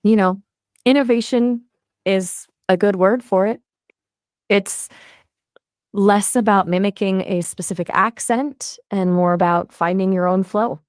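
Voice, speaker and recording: A synthetic-sounding woman's voice as an AI conversation partner, upbeat and playful, with lively jumps in pitch. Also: measured pace, dry recording, clean studio sound. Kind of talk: chatty voice assistant conversation.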